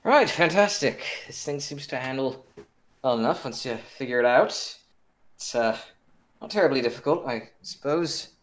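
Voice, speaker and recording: Wry, halting man playing a tabletop game. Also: medium pitch, lively intonation. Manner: halting, wry, lots of restarts. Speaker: player. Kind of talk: tabletop role-play, in character.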